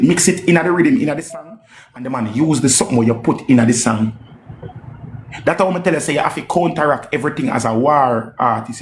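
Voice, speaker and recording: A man with a Jamaican accent giving casual, animated reaction commentary on a live stream, repeating himself and swearing as he slips into patois. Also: a little high, echoey room, slight background noise. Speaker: music commentator.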